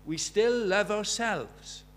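Preaching slowly in church, this man has a voice pitched a little high for a male speaker. Rhetorical questions and emphatic repetition drive his message, and he moves from forceful statements down to quiet asides.

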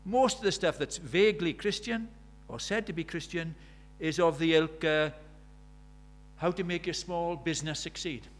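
A man's voice: a little high, moderate pace. A man preaching a sermon, emphatic and storytelling, firing rhetorical questions at the congregation.

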